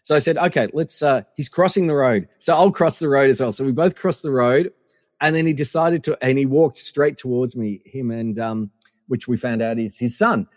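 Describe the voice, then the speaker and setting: A man's voice: mid-range voice, normal speed, darkish tone, no echo, clean studio sound, big-room sound. A man guest telling casual anecdotes in a rambling way, full of fillers and restarts. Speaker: podcast guest.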